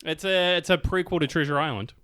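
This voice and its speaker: A man's voice: a little high, quick pace, sharp tone, smooth, dry recording, clean studio sound. A young man chatting casually as a podcast co-host, rambling with lots of fillers and frequent laughs. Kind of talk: casual chat.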